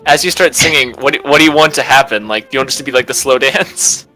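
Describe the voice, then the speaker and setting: A man's voice: medium pitch, quick pace, pushed and bright, faint music behind, rough recording. A young man narrating a tabletop game as game master, casual and laid-back with frequent fillers.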